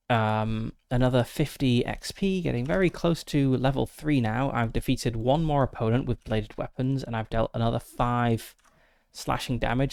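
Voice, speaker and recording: Thinking aloud methodically, a man works through the dice rolls and rules of his solo tabletop game in casual narration peppered with fillers. His medium-pitched voice is gravelly, a little mellow, clear and resonant. He speaks into a close desk mic with no echo.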